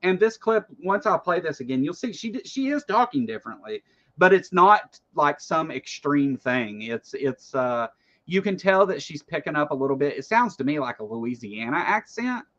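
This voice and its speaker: A man hosting a loose political commentary show, talking in a somewhat high voice. He rambles in an animated way, with plenty of fillers and swearing, and the recording sounds dull and lo-fi. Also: moderate pace.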